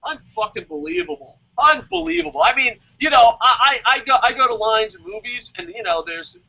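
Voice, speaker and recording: A man doing a shrill ranting superfan. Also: fairly quick, creaky, sharp tone, slightly rough, exaggerated voice. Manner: ranting, sarcastic, heavy swearing. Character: loud sarcastic adult male wrestling superfan. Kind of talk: comedic rant in character. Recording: dull lo-fi audio.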